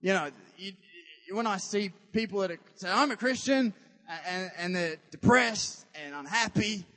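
A man preaching a sermon to a church congregation, animated and conversational, often asking the crowd questions. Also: high voice, normal speed. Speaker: pastor. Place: church hall. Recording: long church-hall reverb.

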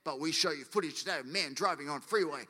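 A pastor voicing a hyped tabloid TV announcer with clipped teaser phrasing. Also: male voice, fairly high pitch, fast, bright, forceful tone, breathy edge. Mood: sensational. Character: dramatic male TV current-affairs promo announcer. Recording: long church hall reverb.

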